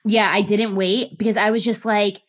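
A woman in her thirties, a guest telling her story in a lively, gushing way with many fillers. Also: medium pitch, moderate pace. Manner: animated, gushing, lots of fillers. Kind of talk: casual storytelling interview.

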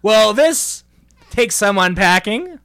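A man's voice: sits high, animated, takes it slowly, background noise, exaggerated voice. A man playing a smarmy, awkward male gallery curator in an improvised comedy, rambling and flustered. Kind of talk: improvised comedy role-play.

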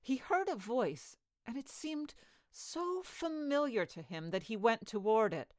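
A woman reading a fairy tale aloud as a storyteller, with an expressive storybook delivery. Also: a little high, measured pace, no room sound.

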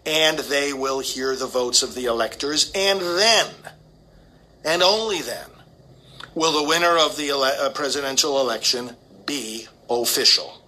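A man's voice: mid-range voice, unhurried, sharp tone, poor audio. A man, a priest, giving an emphatic, preachy commentary and calling his listeners friends. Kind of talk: commentary monologue.

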